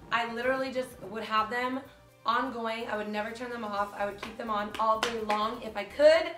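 A young woman chatting casually to the camera as a beauty vlogger, animated and full of fillers like "like", filmed in a hotel room. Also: on the high side, normal speed. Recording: echoey room with faint music.

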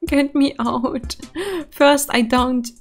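A young woman from Germany, commenting casually on a game she is playing, excitable and quick to swear and laugh. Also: high voice, faint music behind. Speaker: streamer.

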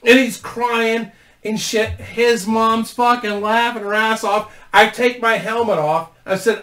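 A man with a high voice tells a rambling, profane story straight to camera for his own channel. He laughs easily as he talks. The sound is roomy and echoey. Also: fairly even intonation, measured pace, a bit bright. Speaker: YouTube host.

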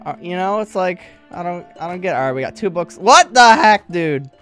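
A man's voice: high-pitched, fast talker, faint music behind. A man playing a game and reading its text aloud, with jokey asides. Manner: jokey, joking asides and laughter. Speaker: gaming video creator.

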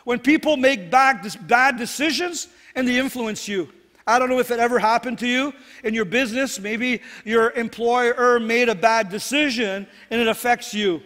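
In a church sanctuary with long hall reverb, a pastor delivers an earnest sermon in a very high, fairly bright voice at normal speed. He keeps repeating phrases and frequently asks "right?"

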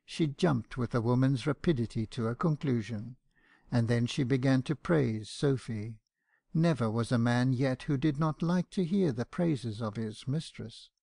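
A man narrating a classic novel for an audiobook in a measured first-person telling. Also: medium pitch, vocal fry, warm tone, no echo, clean studio sound. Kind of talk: scripted narration.

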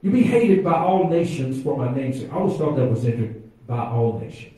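A pastor preaching a sermon, calling out to the congregation and swinging from quiet asides to loud exclamations. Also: male voice, mid-range voice, expressive, brisk. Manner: preaching with call-and-response to the congregation. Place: church sanctuary. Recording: echoey church from far off.

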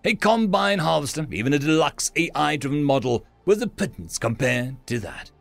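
A man narrating a science fiction story in an expressive, dramatic style. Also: on the high side, normal speed, gravelly, faint music behind.

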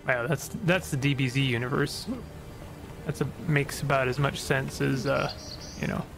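A man's voice: mid-range voice, level tone, normal speed, gravelly. A man giving casual, joking let's-play commentary, reacting aloud as he plays. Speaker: gaming streamer. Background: game music.

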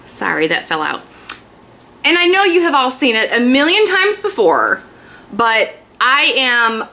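Bright, chatty woman in her thirties. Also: on the high side, a little hiss or hum. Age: 30s. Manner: chatty and excitable, gushing. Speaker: beauty vlogger. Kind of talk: casual haul video chat.

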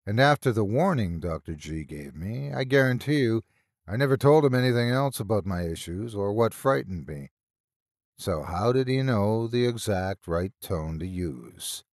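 A man reading a first-person horror story in a measured, storytelling voice on a close studio mic. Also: fairly low pitch, animated, no room sound.

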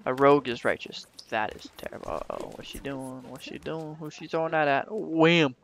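A let's play gamer gives goofy, rambling commentary over his game, full of jokey asides, in a casual tone. His voice is on the high side and a bit bright, at a moderate pace, recorded on a desktop microphone with slight background noise.

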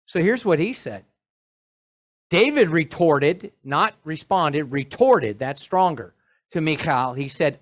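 A male pastor preaching a sermon in an animated way, with joking asides to his congregation. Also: on the high side, slow pace.

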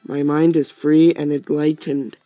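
A man's voice: a little high, flat delivery, unhurried, warm tone, no room sound, soft background music. A man voicing a stately pillow prince from a video game who speaks in grand, archaic phrasing. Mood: grandiose.

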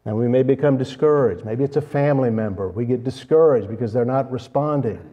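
A man preaching a sermon, speaking slowly and deliberately and stressing key words. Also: medium pitch, muffled recording.

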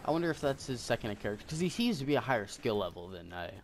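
A man giving chatty, excitable commentary while he plays a game, often breaking into sudden exclamations. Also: medium pitch, racing, noisy background. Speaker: gamer. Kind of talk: casual gameplay commentary. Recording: game audio mixed with loud music. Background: game music.

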